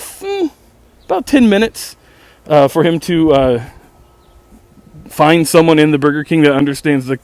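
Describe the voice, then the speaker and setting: A man's voice: mid-range voice, a little mellow. A man hosting his own show, telling a story in a sarcastic, exasperated and profane way, often restarting his sentences. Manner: repetitive stammering restarts. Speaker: podcast host. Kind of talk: casual storytelling monologue.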